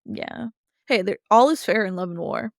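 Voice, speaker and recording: A woman's voice: mid-range voice, moderate pace, vocal fry, dry recording, studio quality. A woman co-hosting a podcast, recapping a cartoon episode in casual chat and acting out characters' lines along the way. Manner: animated storytelling, briefly acting out characters' lines. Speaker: podcast co-host.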